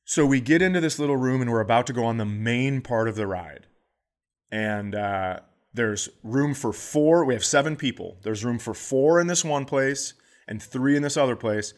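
Brief: male podcast co-host, comic storyteller, animated, mid-pitched voice. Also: normal speed. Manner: animated, acts out quoted voices. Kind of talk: casual comedic storytelling.

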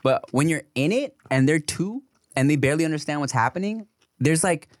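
A man in his thirties co-hosts a podcast and tells a story in casual, profane talk. His pitch jumps around a lot, and he laughs often. The sound is close and dry, with no room echo. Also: expressive, a little fast. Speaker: podcast co-host. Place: podcast studio.

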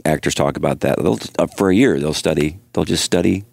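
Very deep-voiced playful podcast man. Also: a little fast, creaky, darkish tone, no echo. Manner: playful, jumps between topics. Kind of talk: casual podcast chat.

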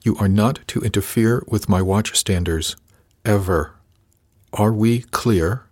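A man's voice: lowish voice, moderate pace, darkish tone, no echo, clean studio sound, close to an everyday voice. A man reading the part of a stern, bullying male first mate on a ship, cold, clipped and threatening. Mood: menacing.

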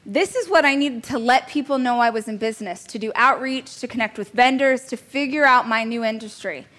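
A woman's voice: on the high side, fairly bright tone. A woman in her thirties teaching a business coaching class in a chatty, joking way, laughing at herself now and then. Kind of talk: casual coaching class talk.

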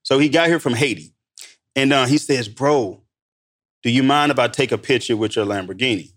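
A man from Missouri telling stories in a casual podcast chat, emphatic and animated, acting out the dialogue. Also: medium pitch, quick pace. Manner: animated, emphatic storyteller who acts out dialogue. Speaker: guest entrepreneur.

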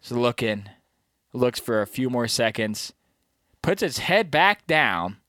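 A man telling a hunting story in casual slang, animated, often adding "you know what I mean" and acting out the deer's thoughts. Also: mid-range voice, slow pace, no room sound, studio quality. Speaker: bowhunter recounting a hunt. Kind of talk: casual chat.

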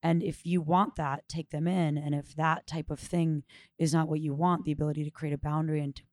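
A middle-aged woman who leads retreats, talking casually and telling stories with lively expression. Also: low-pitched, a little fast, no room sound, clean studio sound. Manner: animated, expressive storyteller. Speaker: retreat and workshop leader. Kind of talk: casual conversation.

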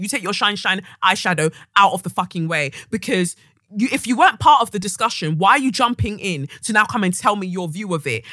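A woman hosts a podcast, venting in an impassioned, profanity-laced monologue. Her voice is bright and sharp-edged. The sound is dry and close, with no room echo. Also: mid-range voice. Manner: heated, ranting, heavy swearing. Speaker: podcast host. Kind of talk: casual monologue.

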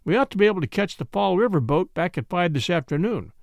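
Young eloping groom played by a male reader, cheerful, coaxing, teasing, fairly high. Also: big pitch swings, fast talker, gravelly, dry recording, clean studio sound, exaggerated voice.

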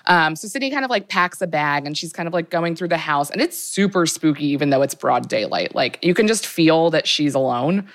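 A woman's voice: deep voice, animated, fairly quick, hardly any pauses. A woman co-hosting a podcast, recapping a movie in a casual, chatty way with lots of fillers. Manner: chatty, filler-heavy, laughs often. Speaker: podcast co-host.

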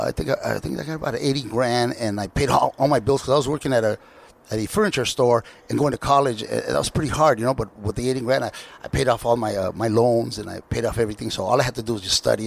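Gravelly, husky man telling stories. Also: medium pitch. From United States. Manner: halting, with frequent restarts and filler words; lively anecdotes with put-on voices for other people. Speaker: guest. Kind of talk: storytelling interview talk.

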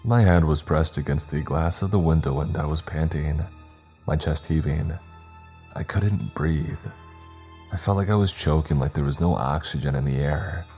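Very deep-voiced male story narrator. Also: dark tone, soft background music. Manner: measured, dramatic storytelling. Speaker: audiobook narrator. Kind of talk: scripted first-person narration.

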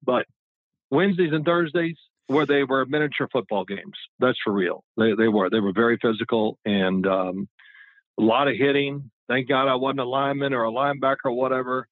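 A man's voice: mid-range voice, normal speed, no room sound. A man in his sixties, a former quarterback and guest, telling rambling, chatty stories in a casual interview. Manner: rambling, chatty, with frequent restarts. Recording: tinny phone-like line, dry.

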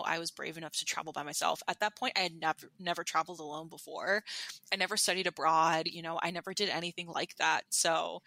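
Chatty woman with a bright voice. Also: lowish voice, no echo. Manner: chatty, many fillers and restarts. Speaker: podcast guest. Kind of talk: candid storytelling.

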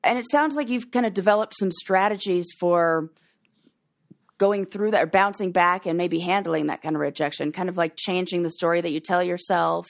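Podcast host, woman, gravelly edge, chatty and encouraging, coach-like. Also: fairly low pitch, normal speed. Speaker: therapist-like coach. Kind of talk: casual chat and read ad.

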